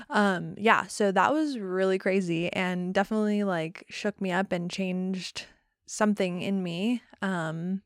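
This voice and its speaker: A woman's voice: medium pitch, fairly even intonation, slow pace, no room sound, clean studio sound. A woman guest telling a personal story in a casual, rambling way, full of "um" and "like" and frequent laughter. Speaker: interview guest.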